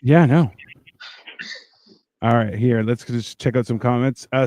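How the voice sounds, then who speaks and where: A man's voice: medium pitch, animated, moderate pace, no echo. Wry, laid-back man host, dry close sound. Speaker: podcast host. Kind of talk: casual chat reading live comments.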